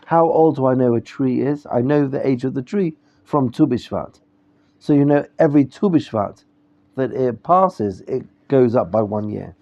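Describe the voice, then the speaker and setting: A man's voice: mid-range voice, a little slow. A rabbi giving a conversational lecture to a class, often stopping to check that his listeners follow. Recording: muffled lo-fi class recording.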